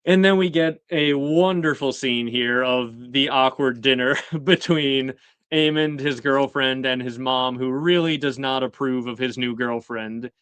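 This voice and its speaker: Bright, clear-voiced man recapping casually. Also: a little slow, no room sound. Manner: rambling, many fillers, acts out quoted lines with shifting pitch. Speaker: host recapping a TV episode. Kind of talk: casual chat.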